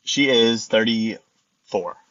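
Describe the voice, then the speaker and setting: A man in his thirties calling in to a radio show, polite and halting. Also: fairly low pitch, fairly bright tone, muffled recording. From Texas. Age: 30s. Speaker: caller. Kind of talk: phone call to a radio show.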